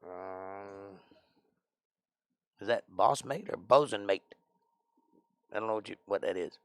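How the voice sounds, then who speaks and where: A man's voice: lowish voice, takes it slowly, dry recording. Wry Southern man chatting with his viewers. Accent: Southern US, Georgia. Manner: joking, wry, bantering with chat. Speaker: livestream host and Bible teacher. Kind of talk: casual livestream chat reading comments.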